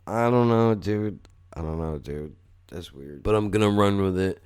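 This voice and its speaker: Male podcast host, low-ish voice; rambling, blunt, profane monologue. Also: moderate pace, darkish tone, smooth. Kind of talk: casual storytelling monologue.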